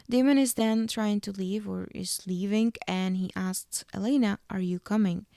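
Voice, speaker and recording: A woman podcast host walks through an episode in a casual recap, pausing to correct herself and adding little fillers. Her voice is dark and mellow with a gravelly edge. The recording is dry and close. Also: medium pitch, no room sound. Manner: retells scenes step by step with fillers and self-corrections.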